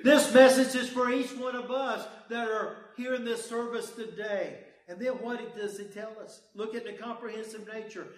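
A man preaching a sermon, with emphatic delivery that swings between loud declarations and hushed low passages. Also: fairly even intonation, normal speed, echoey room. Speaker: pastor. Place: church service.

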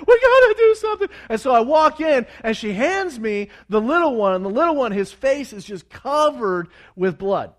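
A man preaching to a congregation, telling a story in an animated way with many stumbling restarts and acted-out quotes. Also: sits high.

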